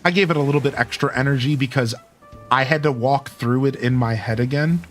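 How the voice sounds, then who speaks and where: Brisk and mid-range, this man's voice belongs to a laid-back streamer talking straight to his chat. The conversation is friendly and casual, and soft music plays underneath.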